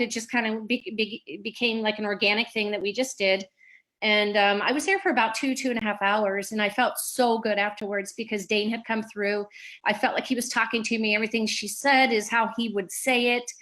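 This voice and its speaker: A middle-aged woman recounts a personal experience in a mid-range voice. Her speech is halting, full of pauses, restarts and soft fillers. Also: mid-range voice, poor audio. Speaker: bereaved mother sharing her story. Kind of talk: personal storytelling.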